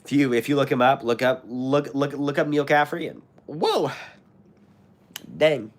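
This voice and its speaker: A young American host chats loosely on his live stream and reads out comments, often restarting and filling gaps with filler words. His voice sits at a medium pitch and moves at a measured pace, and illness has made his throat sore and scratchy.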